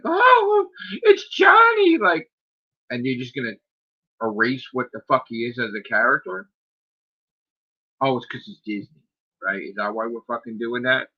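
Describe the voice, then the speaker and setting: A man hosting a podcast, ranting in a casual, exasperated way, full of swearing, repeated rhetorical questions and "like". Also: medium pitch. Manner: exasperated, profane, rhetorical questions, lots of 'like'. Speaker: podcast host. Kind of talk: casual rant. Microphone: streaming microphone. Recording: slightly dull lo-fi sound.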